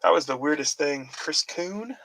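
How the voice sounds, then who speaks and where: Gravelly-voiced man chatting through a card break. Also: fairly high pitch, expressive, moderate pace, fairly bright tone, no echo, low-quality recording. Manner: chatty, rambling sports talk with fillers. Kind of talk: casual live card-break commentary.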